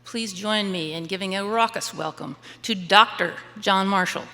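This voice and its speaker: A woman's voice: mid-range voice, normal speed, very noisy. A woman reading a prepared, admiring introduction of a speaker at a lecture. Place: lecture hall. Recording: reverberant lecture hall.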